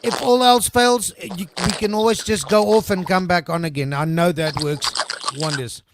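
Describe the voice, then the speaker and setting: An easygoing man hosting a casual chat, reassuring his guest and speaking with quick fillers. His voice is high for a man, and the audio carries clear noise and clicks. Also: steady tone. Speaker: host.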